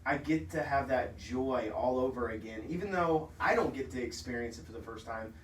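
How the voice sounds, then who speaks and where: A man's voice: medium pitch, normal speed, echoey room, distant mic, slight background noise, poor audio. A man co-hosting a casual food podcast, telling stories with enthusiasm and laughing easily. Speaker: podcast co-host. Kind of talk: casual chat. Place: office.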